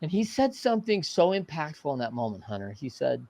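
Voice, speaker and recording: A middle-aged man telling a story as a podcast guest, animated and casual, often adding "man" and "right". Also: on the high side, fairly quick, gravelly, few pauses, dry recording. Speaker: podcast guest, coach and entrepreneur. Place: podcast studio.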